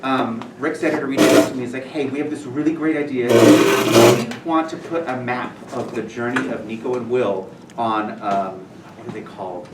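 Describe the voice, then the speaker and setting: A man telling stories casually to a school audience as a visiting author, animated and self-deprecating with many fillers. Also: mid-range voice, moderate pace, hardly any pauses. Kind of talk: casual storytelling talk to students. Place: school room. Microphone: far room mic. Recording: echoey room from far off, noisy.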